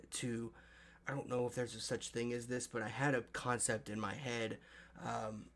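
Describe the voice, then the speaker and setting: A man's voice: medium pitch, natural voice. A man playing a flustered, overly polite male adventurer who rambles and apologizes. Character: flustered, polite young male dwarf-ish smith.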